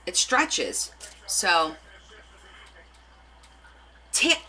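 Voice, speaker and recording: Bright, chatty woman hosting a craft stream. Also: mid-range voice, animated, measured pace, low-quality recording. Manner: chatty, giggly, reads and answers viewer comments. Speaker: craft livestream host. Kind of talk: casual live demo chat with viewers.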